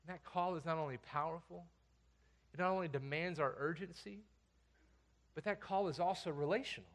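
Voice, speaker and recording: A man preaching a sermon as pastor, reading scripture aloud and swinging between hushed, intimate passages and loud, emphatic commands. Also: a little high, a little fast.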